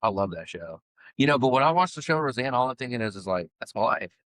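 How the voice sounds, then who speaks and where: A middle-aged man co-hosts a podcast, rambling through stories in casual chat thick with fillers. His mid-range, fairly bright voice is fast and sing-song, captured in a dry recording.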